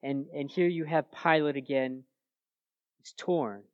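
High-voiced man preaching conversationally. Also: fairly even intonation, a little slow, highs cut off. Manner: conversational, frequent restarts, emphatic questions. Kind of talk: expository sermon.

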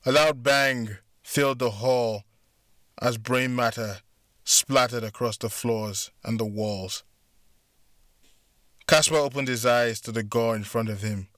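A man narrating a story in a deliberate, steady way. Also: mid-range voice, no room sound, studio quality. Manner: slow, deliberate. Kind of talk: scripted narration.

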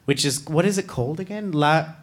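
A man co-hosting a live comedy podcast on stage, telling stories quickly and laughing often. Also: fairly high pitch. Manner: animated, laughing, quick storytelling. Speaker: podcast co-host. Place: stage before a live audience.

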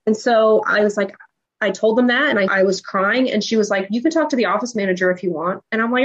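A woman in her thirties telling a personal story as a podcast guest, emotional and animated, acting out the dialogue. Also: on the high side, brisk, dull audio.

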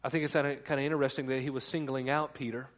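A man's voice: medium pitch, level tone, very fast. A male pastor delivering a conversational sermon, stumbling over restarts and asking the congregation questions. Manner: conversational preaching with repeated restarts.

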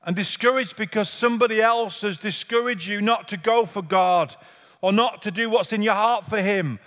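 Male pastor with a high voice, earnest repetitive preaching, long church-hall reverb. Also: moderate pace, fairly bright tone. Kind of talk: sermon. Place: church sanctuary.

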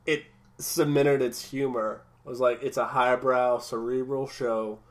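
A man's voice: mid-range voice, fairly even intonation, a little slow. A man chatting casually as a podcast co-host, recapping an episode with many restarts and frequent laughs.

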